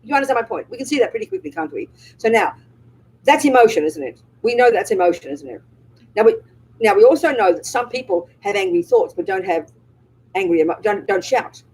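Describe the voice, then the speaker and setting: A woman's voice: mid-range voice, expressive, a little fast, darkish tone, breathy edge, poor audio. A woman Buddhist nun giving a live dharma talk, speaking emphatically and often checking with the audience through rhetorical and tag questions.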